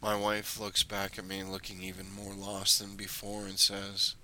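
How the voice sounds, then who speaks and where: A young man tells his own story in a dry, wry manner, often clipping his lines into short checklist phrases. His voice sits a little low yet sounds very bright and forceful. A faint noise runs under the recording. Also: monotone, measured pace. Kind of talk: first-person storytelling.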